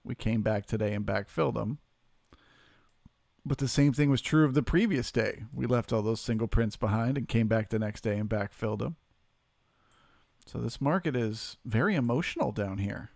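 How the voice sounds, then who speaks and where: A man's voice: mid-range voice, moderate pace, gravelly, a little mellow, no echo, studio quality. A man hosting a live trading stream, giving casual market commentary and thanking viewers in the chat. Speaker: livestream trading host.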